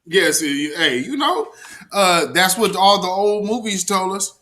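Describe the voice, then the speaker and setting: A man's voice: high-pitched, lively intonation, a little slow, bright, forceful tone. A man hosting a casual call-in livestream who laughs easily and talks in a playful, chatty way. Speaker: host.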